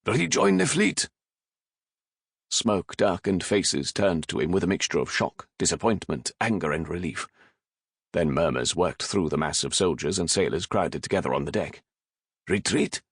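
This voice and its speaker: A man narrates an audiobook in a measured, dramatic style. His voice is very deep and the sound is close and dry, with no room around it. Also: husky, dry recording. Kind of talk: scripted narration.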